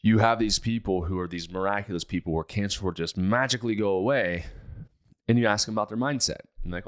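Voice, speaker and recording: A man's voice: fairly low pitch, fast talker. A man hosting his own show, talking casually and energetically about mindset, with plenty of asides and fillers. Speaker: podcast host. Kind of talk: casual motivational talk.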